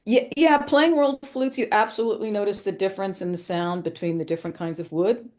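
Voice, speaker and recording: A woman's voice: medium pitch, a little fast, a little mellow. A woman flutist being interviewed on a podcast, explaining things in an informative, conversational way with occasional ums. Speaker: flutist guest.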